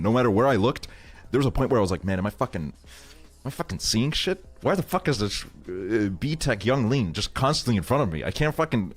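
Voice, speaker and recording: A man in his twenties telling a rambling story on a live stream, laughing often and swearing a lot. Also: lowish voice. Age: 20s. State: tired. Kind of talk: casual stream chat, storytelling.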